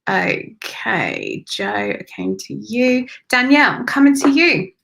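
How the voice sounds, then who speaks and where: A woman's voice: on the high side, huge pitch swings, takes it slowly, a little hiss or hum, low-quality recording. Gushing affectionate woman giving readings. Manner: soft, affectionate, drifts into whispers; emotional, breathy sighs and gushing warmth. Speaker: spiritual medium doing live readings. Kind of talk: live-streamed channelled readings.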